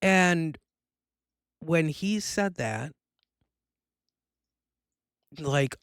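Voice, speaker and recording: A woman's voice: deep voice, drawn-out words, pauses often, faint music behind. A middle-aged woman, a medium, telling a personal story casually, acting out the people she quotes and using many fillers.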